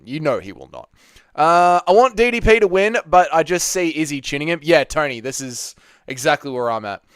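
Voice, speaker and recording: A man's voice: on the high side, clean tone, no echo, studio quality. A young Australian man hosting a casual livestream, chatty, greeting viewers by name and swearing freely. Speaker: livestream host. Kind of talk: casual live chat reading viewer comments.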